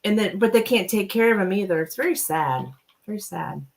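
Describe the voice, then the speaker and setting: Woman, tarot reader on a home livestream; casual, chatty, quick to laugh, mid-pitched. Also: animated, gravelly, poor audio. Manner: chatty, laughs often, reads viewer names aloud. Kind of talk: casual live-stream chat with viewers.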